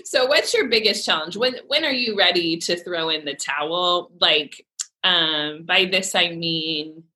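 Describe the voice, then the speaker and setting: A woman in her thirties hosting a casual chat, lively and laughing easily as she asks questions. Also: on the low side, measured pace, poor audio. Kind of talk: casual conversation.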